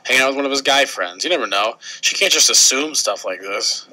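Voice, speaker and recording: A man's voice: mid-range voice, animated, fairly quick, pushed and bright, poor audio. A young man co-hosting a casual radio show, joking around and rambling through his points with lots of restarts.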